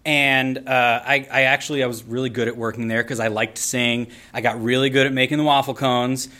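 A man telling a personal story on stage, animated and playful with a theatrical flair. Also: medium pitch, a little fast. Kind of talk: live storytelling.

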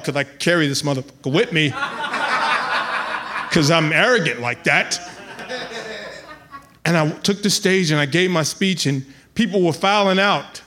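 A man telling a comic personal story live on stage, building to loud excited outbursts. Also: on the high side. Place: live venue with audience.

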